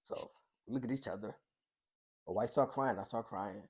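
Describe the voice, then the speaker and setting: In a podcast interview, a middle-aged man who coaches boxing and works in social work relates a personal story with a voice on the low side. He's colloquial and heartfelt, stopping and restarting as he goes, playing out past conversations as quotes, and at moments speaking in a hush.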